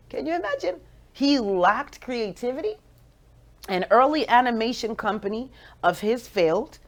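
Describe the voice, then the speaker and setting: A Jamaican woman in her forties hosts a radio show, offering playful, animated motivational talk in a medium-pitched voice.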